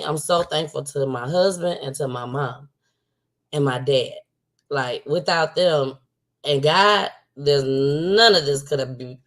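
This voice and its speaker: A woman hosting her own livestream in a loose, chatty style, her voice sitting a little low. She is emotional and close to tears, yet breaks into laughter often and speaks from the heart. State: tearful. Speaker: livestream show host. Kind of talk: casual livestream chat.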